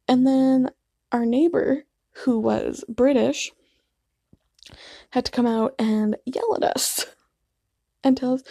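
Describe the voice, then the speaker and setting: A woman's voice: high-pitched, fairly even intonation, normal speed, vocal fry, long pauses, warm tone, no room sound, clean studio sound. A woman in her twenties casually telling rambling, self-deprecating stories to camera, with plenty of fillers. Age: 20s. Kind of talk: casual vlog storytelling.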